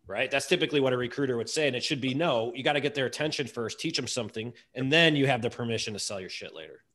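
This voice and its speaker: A man co-hosts a casual podcast and talks at a brisk clip. He keeps jumping in with questions and runs through role-played lines to test ideas. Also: mid-range voice, a bit bright. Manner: fast, interjecting, role-plays a pickup line.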